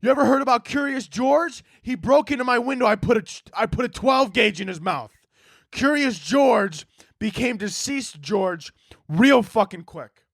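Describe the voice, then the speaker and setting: A man's voice: sits high, expressive, unhurried, gravelly, fairly bright tone, no echo, studio quality. A man hosting a podcast, rambling through an absurd, profane comedic rant. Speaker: podcast host.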